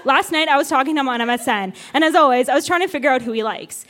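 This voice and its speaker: A woman's voice: sits high, racing, a bit bright. A woman reading her teenage diary aloud at a live show, with a wry, playful delivery. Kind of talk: reading old diary entries aloud on stage. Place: live show with audience laughter.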